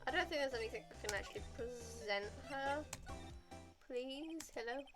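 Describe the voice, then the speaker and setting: A woman streamer reads game dialogue aloud in a casual, playful tone, stopping on hesitant fillers. Her voice sits a little high, with clear music playing behind. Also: normal speed.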